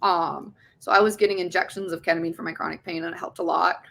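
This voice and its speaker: A woman's voice: on the low side, steady tone, fast, gravelly, a bit bright. A young woman, an interview guest, telling her own story in a rambling, emotional way, with frequent swearing and restarts. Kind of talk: candid personal testimony.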